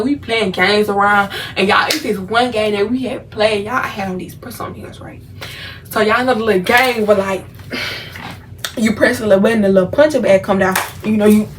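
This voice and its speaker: A woman's voice: mid-range voice, a little hiss or hum. Chatty woman from Memphis, a bit distant. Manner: chatty, talks straight to viewers, many fillers. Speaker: vlogger. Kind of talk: casual storytime.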